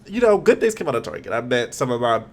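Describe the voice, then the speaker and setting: A young man from Philadelphia with a Philly accent, a podcast guest telling stories fast and bluntly in casual chat. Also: mid-range voice. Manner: talks fast and blunt, animated storytelling.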